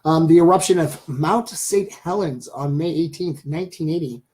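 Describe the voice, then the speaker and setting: A man's voice: on the high side, moderate pace, a little mellow. A man in his thirties hosting a casual live stream, rambling and talking straight to his viewers. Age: 30s.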